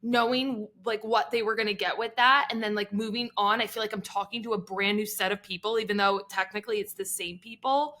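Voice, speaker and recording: A woman's voice: mid-range voice, fairly even intonation, brisk, hardly any pauses, a bit bright. A young woman co-hosting a podcast, chatting casually with lots of filler words. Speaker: podcast co-host. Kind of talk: casual chat.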